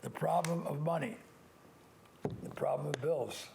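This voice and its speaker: An older man, a priest hosting a call-in show alone, giving earnest advice and slowly stressing key words. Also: fairly high pitch, fairly even intonation, vocal fry, background noise.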